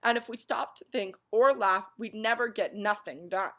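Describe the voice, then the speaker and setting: A woman's voice: mid-range voice, normal speed, fairly bright tone, lightly acted. Woman doing a lazy drawling Lethargarian. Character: lazy, slow-talking male Lethargarian who loves doing nothing.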